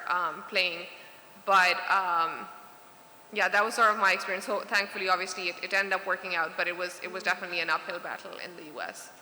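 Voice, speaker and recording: A man's voice: high-pitched, sharp tone. A male panelist speaking hesitantly, with many restarts. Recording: echoey hall with long reverb.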